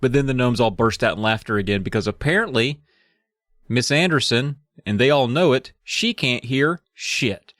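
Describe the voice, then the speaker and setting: A man's voice: mid-range voice, moderate pace, a bit bright, dry recording, clean studio sound. A man co-hosting a podcast, telling a story with mock drama and swearing. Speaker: podcast co-host. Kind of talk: casual chat recapping a book.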